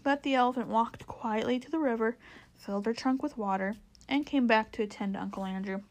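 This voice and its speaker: A woman reading a children's storybook aloud as narrator, in a lively, expressive way. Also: on the high side, brisk, poor audio.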